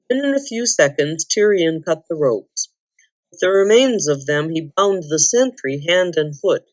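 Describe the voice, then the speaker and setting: A woman reads a children's novel aloud at a calm, measured pace. Her voice sits fairly low, heard close and dry, and the recording sounds slightly muffled. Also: dry recording. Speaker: volunteer reader. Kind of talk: storybook read-aloud.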